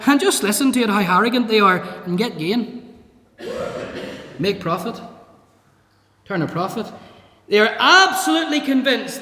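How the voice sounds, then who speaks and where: A man preaching an emphatic sermon, throwing rhetorical questions at his hearers. His voice sits very high and rings bright and forceful. The recording carries the roomy echo and long reverb of a church hall. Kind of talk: evangelistic sermon.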